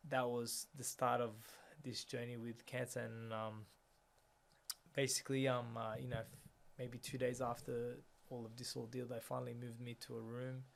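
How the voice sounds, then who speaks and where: Young man, gravelly voice, flat even delivery, quiet reflective storytelling, interview guest. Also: medium pitch, normal speed. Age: young adult. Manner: quiet, reflective, often drops softer. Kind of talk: personal storytelling in a conversation.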